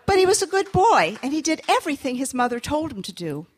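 A woman storyteller telling a folktale to an audience, lively and inviting them to join in. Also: high-pitched, fast, a little hiss or hum.

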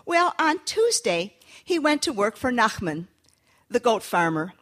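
A woman storyteller telling a folktale to an audience, lively and inviting them to join in. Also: on the high side, unhurried.

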